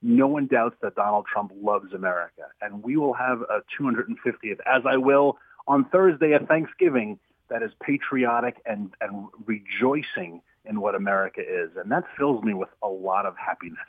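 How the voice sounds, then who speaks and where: A man's voice: on the low side, normal speed, no echo. An enthusiastic man speaking as a radio guest, stressing his points hard. His voice comes through a thin, phone-like line with no room sound around it. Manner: enthusiastic, emphatic. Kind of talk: phone interview on talk radio. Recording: tinny dry phone line.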